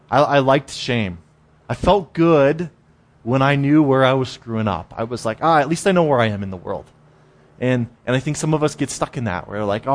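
A man giving a casual, conversational sermon, often repeating words and acting out inner voices. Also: medium pitch. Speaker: preacher.

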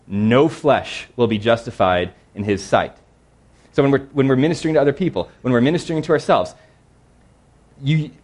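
A man preaching a sermon in a conversational, earnest way, slowing down to read scripture verses. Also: mid-range voice.

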